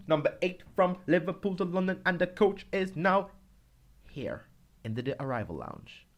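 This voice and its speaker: A man co-hosting a casual podcast, animated and playful, laughing often and chiming in with agreement. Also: high voice, moderate pace. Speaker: podcast co-host.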